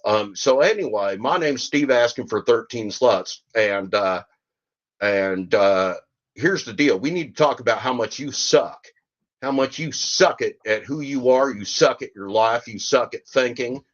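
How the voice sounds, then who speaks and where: A man putting on a smug, scornful gig-driver video maker in a slow, mocking voice. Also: medium pitch, dull audio, close to an everyday voice. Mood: sneering.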